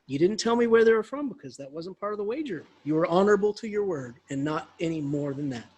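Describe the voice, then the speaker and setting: A man's voice: sits high, lively intonation, quick pace, darkish tone, breathy edge. A man voicing a knight who scolds and explains in a casual, chummy way. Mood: explaining. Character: gruff male knight, tester, scolding.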